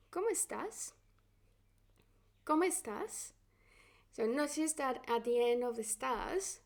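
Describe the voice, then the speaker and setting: A woman's voice: fairly high pitch, creaky, a little mellow. A woman with a Latin American Spanish accent, a native Spanish speaker, teaching an online Spanish lesson patiently, with many fillers and restarts.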